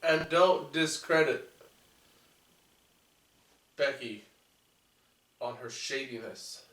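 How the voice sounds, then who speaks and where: A man's voice: medium pitch, drawn-out words, fairly bright tone. A man co-hosting a podcast, chiming in casually with dry, joking asides. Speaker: podcast co-host. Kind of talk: casual wrestling chat. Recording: roomy, distant mic.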